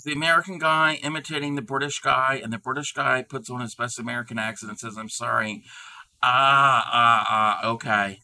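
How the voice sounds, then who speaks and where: A man's voice: mid-range voice, steady tone, brisk, few pauses, sharp tone. A man hosting a crafting livestream in casual, rambling chat, reading and answering his chat aloud. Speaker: livestream host.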